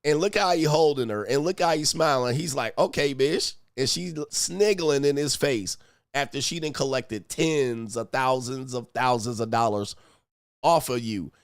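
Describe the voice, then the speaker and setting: A man hosting a casual reaction commentary, animated and profane, with laughing asides. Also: medium pitch, moderate pace, clean tone, no room sound, clean studio sound. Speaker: commentary channel host.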